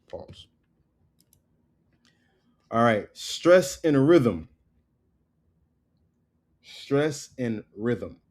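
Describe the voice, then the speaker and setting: A man teaching a casual online language lesson at a slow, deliberate pace. His pitch sits in the middle, and he repeats words for drills and tags his lines with quick check-ins. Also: a little mellow.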